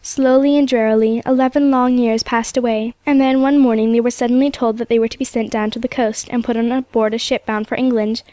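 A woman narrating an old storybook aloud in a steady, measured reading. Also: on the high side, no room sound.

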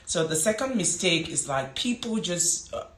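An African woman who teaches English and vlogs gives casual advice in a rambling way, repeating words and using lots of fillers. Her voice is fairly low and animated at a normal speed, with a roomy echo around it.

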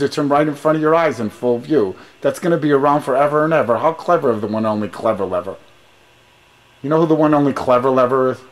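A man on a rambling phone call, talking in a pushy, grandiose, sing-song patter full of rhymes and sermon-like lines. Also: mid-range voice. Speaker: caller.

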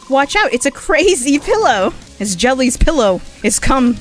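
A woman's voice: high-pitched, lively intonation, moderate pace, soft background music. A young woman streamer casually commentating a game, swearing, laughing and reading game text aloud.

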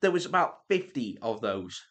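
A man's voice: big pitch swings, normal speed, a bit bright. Sarcastic young Englishman reacting. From England. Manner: sarcastic, swings into exasperated high-pitched rants. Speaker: reaction video creator. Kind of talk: casual reaction commentary.

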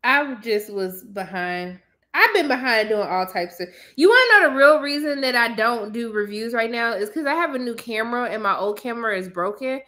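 A young woman chatting casually to her viewers, blunt and sassy, ranting with animated emphasis. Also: mid-range voice. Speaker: movie commentator.

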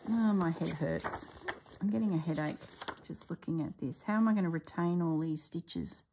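Aussie lady flipping thru a craft book, thinking out loud, lots of oohs and trailing off, bit of faint hiss. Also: fairly low pitch, moderate pace. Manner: exclaims and muses aloud while browsing, trails off mid-sentence. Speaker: craft vlogger reviewing a book. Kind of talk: casual chatty book review.

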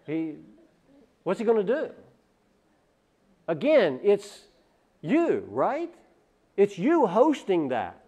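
A man preaching a sermon as pastor, firing off loud rhetorical questions and then dropping to quiet asides, often repeating and restarting words. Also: high voice, wildly swooping pitch, slow pace, long pauses, muffled recording.

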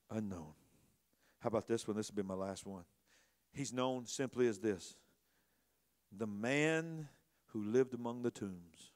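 A man preaching a sermon as a bishop. His delivery swings from hushed to loud, and he repeats phrases for emphasis. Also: fairly low pitch, unhurried, pauses often.

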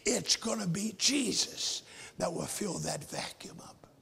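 An older man preaching a sermon, telling a story with fervent delivery that swings from shouts to whispers, in a raspy voice. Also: high voice, lively intonation, a little slow. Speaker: pastor. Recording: echoey hall.

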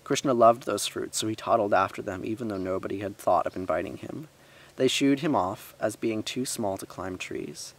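Gravelly low-voiced man reading a story. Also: normal speed. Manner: lively reading, voicing characters, with asides.

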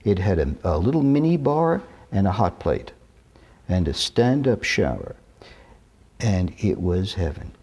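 A man in his sixties from New York, telling stories in an interview with measured, deliberate, careful diction. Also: low voice, very animated, darkish tone, slightly rough. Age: 60s. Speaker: interview guest. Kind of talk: reminiscing interview talk.

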